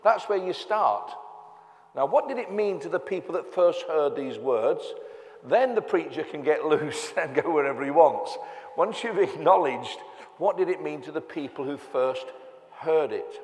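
A man's voice: a little high, expressive, unhurried, a little mellow. An older man preaching a sermon in a church, conversational and joking as he goes, from England. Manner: conversational with humorous asides. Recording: reverberant church hall.

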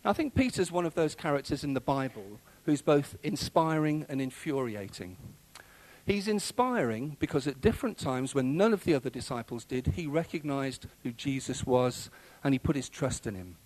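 A man's voice: medium pitch, animated, normal speed, darkish tone, rough recording. Man preaching a conversational sermon. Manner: conversational, with many fillers and restarts.

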